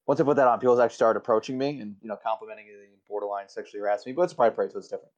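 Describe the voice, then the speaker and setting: A man with a slightly low voice trades crude, deadpan jokes as a podcast co-host. His mic sounds dull and lo-fi, with the top end rolled off. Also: very fast. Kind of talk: casual profane podcast chat.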